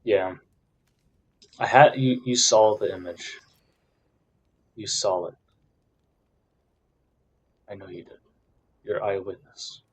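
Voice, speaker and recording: A man giving casual commentary over a card game match, frustrated, swinging between loud complaints and quiet muttered counting. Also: lowish voice, slow, long pauses, slightly rough.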